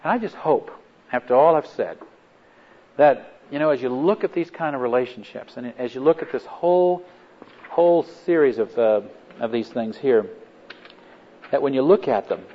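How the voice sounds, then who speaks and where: A middle-aged man speaks to a group in a plain, mid-pitched voice, earnest and a little halting, retelling conversations line by line. The recording is dull and lo-fi. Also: lively intonation. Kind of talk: personal story in a talk.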